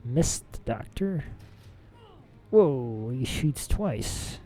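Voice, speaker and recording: A man's voice: medium pitch, animated, drawn-out words, mellow. A man hosting a let's play, giving casual gameplay commentary and thinking aloud about tactics.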